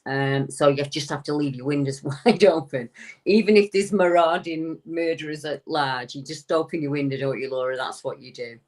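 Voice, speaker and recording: Low-voiced woman telling a story. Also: fairly even intonation, normal speed, darkish tone. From United Kingdom. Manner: retells a story vividly, acting out the witness's quoted words. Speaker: guest recounting a witness's encounter. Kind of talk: conversational storytelling.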